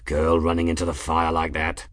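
A man voicing a grizzled, blunt male aeronaut crewman in an audiobook, with a low, gruff delivery. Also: expressive, sharp tone, no room sound, clean studio sound, exaggerated voice. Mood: wary. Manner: gruff, blunt, quick to urge action.

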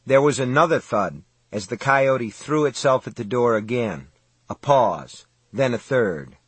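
Male narrator, husky voice, dry close studio sound, measured suspenseful horror reading. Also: mid-range voice, animated, dry recording. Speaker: audiobook narrator.

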